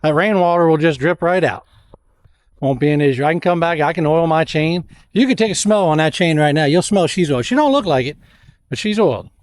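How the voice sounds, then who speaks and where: A man's voice: a little high, animated, fairly quick, dry recording. A man, chatting folksily to viewers as he shows off his tractor setup outdoors. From Louisiana. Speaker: homestead vlogger. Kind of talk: casual product walkthrough.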